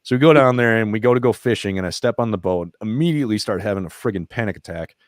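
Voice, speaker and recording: In a podcast studio, a man with a low, deep voice speaks as a veteran and nonprofit founder, telling his stories fast, casually, and candidly. He swears freely and lets emotion show in an animated retelling of events. The sound is dry and close, with little room echo.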